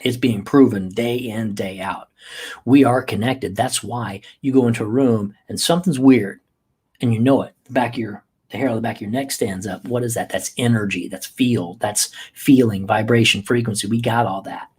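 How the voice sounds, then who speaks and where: Husky-voiced man giving a motivational talk. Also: lowish voice, normal speed, a little mellow. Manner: emphatic, exhorting, repeats key phrases. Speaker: podcast host. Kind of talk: motivational podcast monologue.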